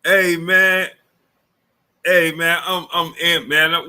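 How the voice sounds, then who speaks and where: Bright-voiced man greeting his live chat. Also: on the high side, level tone, extremely slow, long pauses, clean tone. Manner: greets chat users one after another, many fillers and repeats. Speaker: livestream sports show host. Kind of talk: casual live chat reading viewer names.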